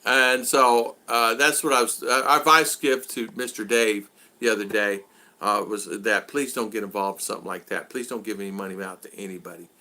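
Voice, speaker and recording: A man's voice: on the low side, brisk. An older man hosting a casual video chat, telling stories and acting out exasperated quotes. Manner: animated, acts out exasperated quotes. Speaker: vlog host.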